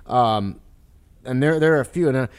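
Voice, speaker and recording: A man telling stories as an author guest on a podcast, animated and rambling, with frequent laughs and restarts. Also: mid-range voice, moderate pace, clean tone. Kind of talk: podcast interview storytelling.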